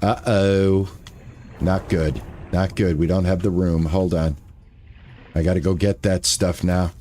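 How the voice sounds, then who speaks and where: A man's voice: sits low, steady tone, measured pace, mellow, a little hiss or hum. Older man rambling through a game stream. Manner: rambling, thinking aloud, repeating himself. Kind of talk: casual gameplay commentary.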